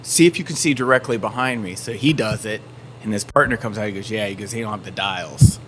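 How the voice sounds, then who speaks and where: A man telling a story in a casual chat, acting out shouted quotes as he goes. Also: on the low side, fairly quick. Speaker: band member. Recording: faint background noise.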